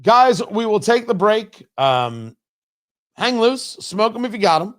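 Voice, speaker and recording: A man's voice: high-pitched, sing-song, a little slow, fairly bright tone. A man hosting a talk show, giving sarcastic, opinionated political commentary straight to his listeners.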